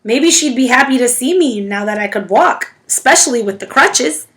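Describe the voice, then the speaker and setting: A woman narrating a novel in the first person, with an expressive storytelling manner. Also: fairly high pitch, moderate pace. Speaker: audiobook reader.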